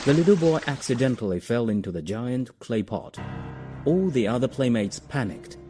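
A male narrator reading a children's story in an expressive, storybook manner. His voice rises and falls with lively inflection. Clear music runs underneath. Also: medium pitch, moderate pace. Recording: music behind.

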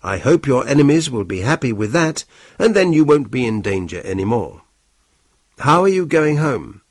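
A man voicing a sharp male detective who speaks in a brisk, commanding way, raised above his reading voice. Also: medium pitch, very animated, dry recording, studio quality.

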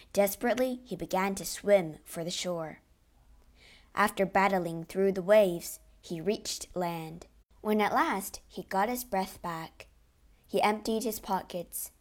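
A woman narrating a classic adventure storybook in a clear, expressive read-aloud manner. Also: mid-range voice.

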